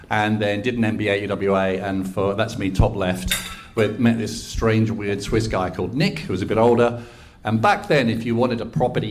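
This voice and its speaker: A man's voice: on the low side, darkish tone, a little hiss or hum. A man in his sixties with an English accent, giving a chatty, enthusiastic, self-deprecating talk to a live audience at an event. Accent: English, West Country. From England. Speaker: ecosystem engagement lead giving a talk.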